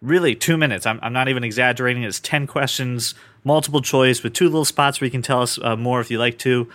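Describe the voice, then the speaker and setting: A man hosts a podcast in a loose, rambling way, poking fun at himself as he goes. His voice sits at an ordinary middle pitch. The recording is dry and close, with no room echo. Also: fast, fairly bright tone. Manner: chatty, rambling, self-deprecating. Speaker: podcast host. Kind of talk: casual podcast chat.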